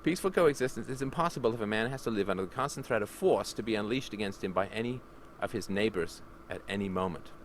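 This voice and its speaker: A man's voice: lowish voice, fast, hardly any pauses, slight background noise, natural voice. A man voicing a stern woman philosopher in a vague, generic foreign accent, reading stiffly and declaiming.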